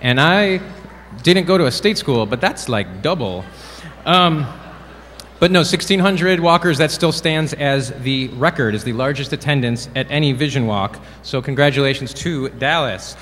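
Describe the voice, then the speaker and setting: A man's voice: medium pitch, lively intonation, moderate pace, a bit bright. Wisecracking man emceeing in a reverberant hall. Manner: playful, wisecracking. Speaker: awards presenter. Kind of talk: joking awards emcee. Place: large banquet hall. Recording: reverberant hall, crowd and noise behind.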